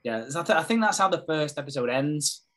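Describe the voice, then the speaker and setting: A man in casual conversation, retelling a TV episode scene by scene. He swears freely and slips into quick impressions of the characters as he goes. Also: a little high, expressive, a bit bright. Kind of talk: casual chat recapping a TV episode.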